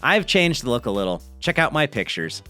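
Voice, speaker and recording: A man's voice: medium pitch, brisk, soft background music. A man hosting a mountain bike video, reading a viewer's story aloud with chatty, joking asides. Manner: lively, chatty, jokey asides.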